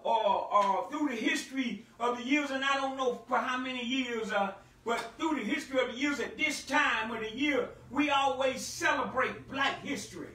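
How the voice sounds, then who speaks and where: A man preaching as pastor of a church, moving from a quiet spoken prayer to loud, shouted sermon passages. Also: very high-pitched, echoey room, recorded from a distance, rough recording.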